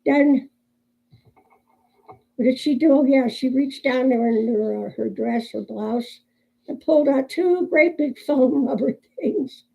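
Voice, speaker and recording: A woman's voice: sits high, measured pace, creaky, mellow, husky, full character voice, rough recording. An older woman voicing a glum newlywed man complaining about his marriage in a told joke.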